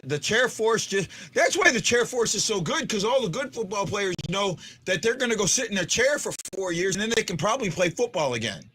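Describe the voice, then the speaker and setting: A man's voice: sits high, a bit bright. A man hosting a live fan stream, chatting loosely, joking and talking to viewers in the chat by name. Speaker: livestream host.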